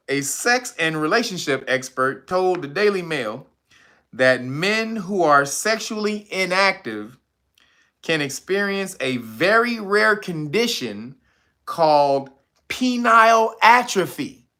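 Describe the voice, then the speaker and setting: Man, livestream host, high voice, gravelly, very animated, crude comic riffing, laughs a lot. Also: takes it slowly. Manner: laughs a lot, crude and rambling, reads chat names aloud. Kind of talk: loose comic commentary on a livestream.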